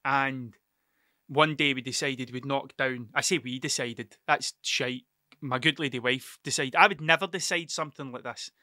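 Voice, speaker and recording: A man's voice: mid-range voice, moderate pace, pushed and bright, no room sound, clean studio sound. A Scottish man in his thirties with an Ayrshire accent, hosting a podcast and telling a rambling, sweary story that keeps wandering off track. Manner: sweary, digressive, restarts mid-sentence. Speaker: podcast host.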